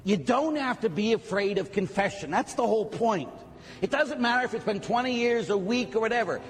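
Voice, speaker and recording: A middle-aged man, a priest, giving a lively sermon talk full of joking stories and acted asides. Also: high-pitched, a little fast, faint music behind. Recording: long hall reverb, faint ambience.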